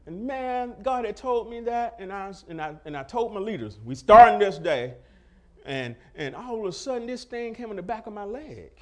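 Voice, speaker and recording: A man's voice: high voice, animated, normal speed, a bit bright. A middle-aged man preaching a testimony sermon, acting out the dialogue and breaking into laughter as he tells it. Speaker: pastor.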